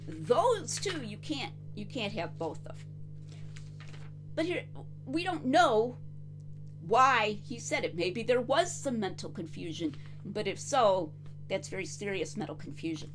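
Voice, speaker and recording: Lively, emphatic woman making an argument. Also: on the high side. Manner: emphatic, argumentative, carefully reasoned. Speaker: video commentator. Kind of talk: solo commentary monologue.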